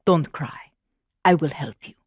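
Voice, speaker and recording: A woman voicing a gentle magical talking cow in a storybook tale, speaking softly and kindly. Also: deep voice, slightly rough, no room sound, studio quality, voice pushed down, heavily acted. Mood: soothing. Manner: soft, hushed, slow and kindly.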